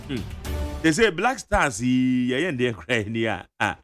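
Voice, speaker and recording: A man with a Ghanaian accent hosting a morning radio show, chatty and animated as he reviews the news and reads listener messages. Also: mid-range voice, faint music behind. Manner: chatty, animated, frequent laughs and quick asides. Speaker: radio host. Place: radio studio. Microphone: studio microphone.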